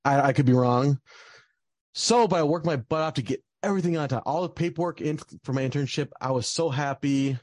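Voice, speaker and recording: A man's voice: a little high, fairly quick, no echo. A young man telling a personal story in casual talk, rambling with lots of fillers and restarts.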